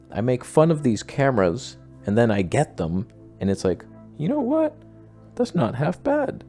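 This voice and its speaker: Casual vlogger, male, gravelly low-lit tone, rambling and self-deprecating, big pitch swings; faint music under him. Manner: rambling, self-mocking, animated with sudden pitch jumps. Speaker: camera gear vlogger. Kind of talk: casual talking-head vlog.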